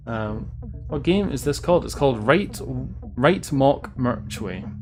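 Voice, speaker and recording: Unhurried and very animated, this medium-pitched man narrates his gameplay as a let's play host in a rambling, sardonic, casual manner, swearing frequently. Game music is plainly heard under his voice.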